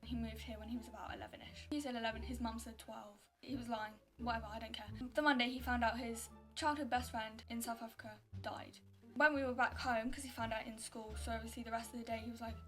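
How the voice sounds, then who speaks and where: A woman's voice: a little high, a bit bright. A young woman, telling stories and reacting in a chatty, exasperated way, full of "like". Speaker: YouTuber. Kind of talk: casual storytelling and reacting. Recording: music playing underneath.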